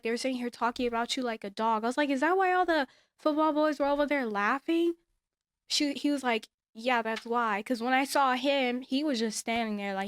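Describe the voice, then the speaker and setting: A woman's voice: a little high, no room sound, clean studio sound. A woman casually telling a personal story, acting out what others said and giving emphatic advice. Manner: animated, acts out others' lines, emphatic advice. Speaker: storyteller sharing a personal experience.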